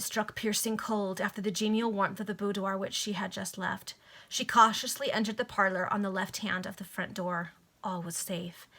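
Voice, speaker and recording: A woman casually reading a novel aloud to friends over a video call, breaking off with excited asides. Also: mid-range voice. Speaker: reader.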